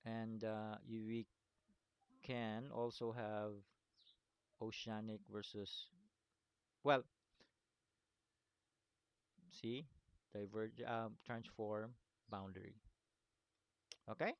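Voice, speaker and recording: A man's voice: on the low side, steady tone, extremely slow, pauses often, smooth, dry recording, dull audio. A man teaching a screen-recorded lesson, walking through steps, often checking in with "okay?" and "right?", with a chuckle at his own slips. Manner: repetitive, stops to check understanding with "okay?" and "right?".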